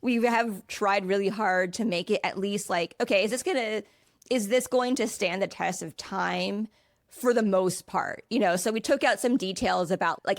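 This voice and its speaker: A woman hosts a relaxed interview, her voice carrying a noticeable gravelly fry. She rambles a little and leans on filler words as she thinks aloud. The sound is dry, with no room echo. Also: medium pitch. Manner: rambling, many fillers like 'like'. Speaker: podcast host. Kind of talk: casual interview chat.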